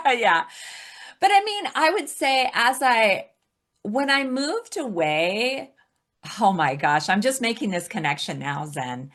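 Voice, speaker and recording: A woman's voice: fairly high pitch, very animated, slow, long pauses, a bit bright. A woman from Alaska talking as a podcast guest, reflective, often laughing as she speaks. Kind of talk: casual conversation.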